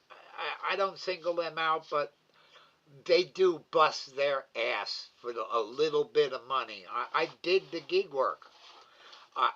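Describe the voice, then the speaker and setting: A middle-aged man hosting a live stream, talking slowly and stumbling over repeated words as he answers his viewers. His voice is bright and a little forceful. The stream audio sounds dull and lo-fi. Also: on the high side. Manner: slow, halting, repeats words, emotional. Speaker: live cam host reading chat. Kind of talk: casual live-stream chat.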